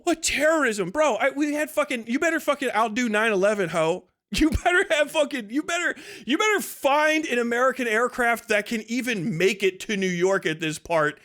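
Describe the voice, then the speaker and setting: High-voiced man ranting and swearing. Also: a bit bright. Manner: mocking, aggressive, swearing constantly; breaks into mocking laughter. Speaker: livestream host. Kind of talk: profane livestream rant.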